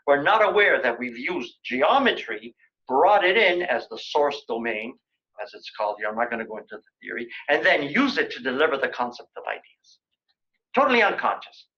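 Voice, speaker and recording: A man's voice: mid-range voice, big pitch swings, normal speed, sharp tone, muffled recording. An older man giving a colloquium lecture in a lecture room, telling joking anecdotes in a chatty way.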